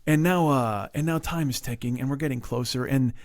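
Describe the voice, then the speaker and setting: A man's voice: mid-range voice, a little fast. A middle-aged man hosting a podcast, telling a comic story with lots of swearing and acting out the people he quotes. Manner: animated, acts out people he quotes, swears freely. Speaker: podcast host. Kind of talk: comedic storytelling chat.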